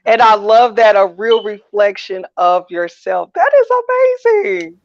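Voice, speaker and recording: A middle-aged woman, a mother speaking as a guest, answering thoughtfully and in a measured way. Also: mid-range voice, big pitch swings, dry recording. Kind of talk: reflective conversation. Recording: dull dry lo-fi sound.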